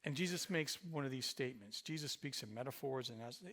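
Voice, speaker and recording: A male pastor preaching a sermon, swinging between loud emphatic passages and quiet, intimate ones. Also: medium pitch, brisk. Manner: speaks in Jesus's voice to the listener.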